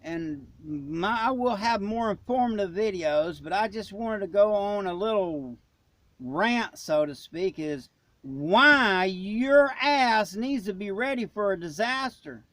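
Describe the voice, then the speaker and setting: A man's voice: high voice, animated, takes it slowly, a bit bright, dry recording. A man from Florida who hosts a prepping channel, ranting in a blunt, emphatic, folksy way. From Florida, USA. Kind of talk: ranting vlog.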